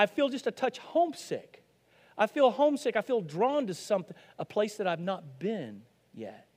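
A pastor from Arkansas preaches an earnest, conversational sermon in a slightly high voice, with many restarts and rising emphasis on key lines. The recording has a big-room sound.

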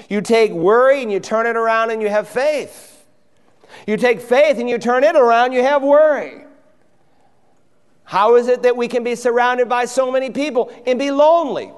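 Male pastor, high resonant voice, impassioned sermon delivery, big reverberant church. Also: expressive, moderate pace, smooth. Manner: impassioned preaching, acting out quoted voices. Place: church sanctuary.

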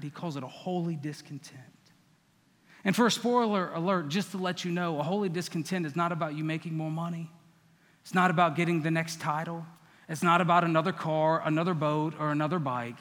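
A man's voice: fairly high pitch, steady tone, a little fast, fairly bright tone, in a large hall. A man preaching a sermon as pastor, conversational and teasing the congregation by name.

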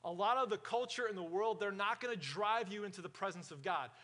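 Male pastor, high voice, energetic preacher who asks the room questions. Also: fairly quick. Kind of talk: sermon.

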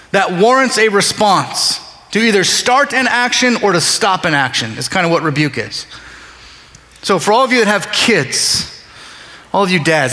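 A man's voice: high voice, pushed and bright. A man preaching a sermon as a pastor, conversational and acting out bits of dialogue. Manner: conversational, acts out dialogue with voices. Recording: long reverb of a large hall.

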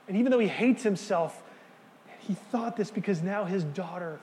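A man preaching a sermon, earnest and emphatic, dropping to quiet words for key lines. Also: high voice, moderate pace, long reverb tail. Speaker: pastor.

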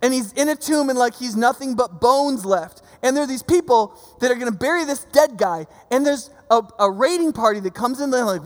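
A man preaching a casual teaching sermon, telling stories with lively asides and questions to the audience. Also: very high-pitched, moderate pace, few pauses. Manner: informal, storytelling, asks the audience questions, frequent "right?". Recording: long hall reverb.

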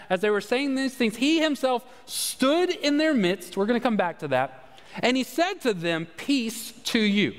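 A man giving a conversational sermon as pastor, with easy fillers and repeated words. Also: very high voice. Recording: long hall reverb.

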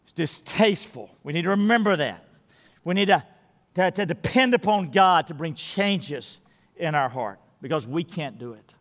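A male pastor with a notably high-pitched voice delivers an earnest sermon, repeating key words and sinking to a hush to drive a point home. His voice rings out with the long reverb of a large church sanctuary. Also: animated, normal speed.

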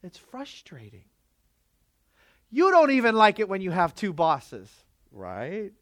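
A man's voice: sits high, huge pitch swings, slow pace, a bit bright, dry recording. Emphatic male pastor preaching. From Filipino background. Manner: emphatic, rhetorical questions to the congregation. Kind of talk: sermon.

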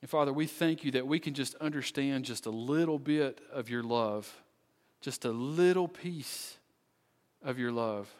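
A man preaching as pastor at the end of a sermon, earnest and pleading, with slow, deliberate phrasing. His mid-range voice rings with the long reverb of a church sanctuary. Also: medium pitch. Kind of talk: sermon closing and prayer.

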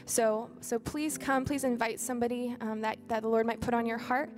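A woman's voice: fairly high pitch, flat delivery, moderate pace. A female pastor making inviting church announcements, with frequent ums. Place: church sanctuary.

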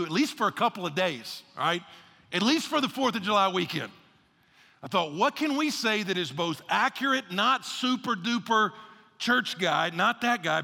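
High, gravelly pastor in an echoing church. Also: male voice. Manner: energetic, repeats phrases for emphasis, acts out quotes. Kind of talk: casual conversational sermon. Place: church sanctuary. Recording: long reverb of a large church hall.

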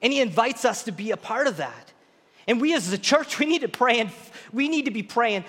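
High-voiced man preaching in a hall. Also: lively intonation, fairly quick, a bit bright. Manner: earnest, repetitive, emphatic preaching. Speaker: pastor. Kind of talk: sermon.

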